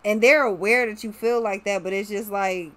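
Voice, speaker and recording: A woman reads tarot cards in a casual chat, speaking right to her viewer. Her voice is bright and forceful. She talks in plain, blunt slang and swears freely. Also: mid-range voice, fairly even intonation, moderate pace. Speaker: tarot card reader.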